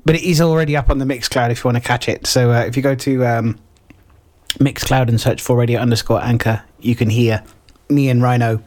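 Man, radio host, mid-pitched, chatty, lots of ums, casual announcements. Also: steady tone, a little fast, a little mellow. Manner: chatty, hesitant with fillers, plugs upcoming shows. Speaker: internet radio show host. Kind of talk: casual banter with show announcements.

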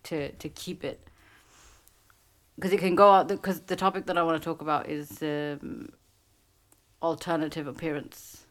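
A woman's voice: sits low, steady tone, normal speed, pauses often. A woman in casual chat, rambling with many restarts and fillers.

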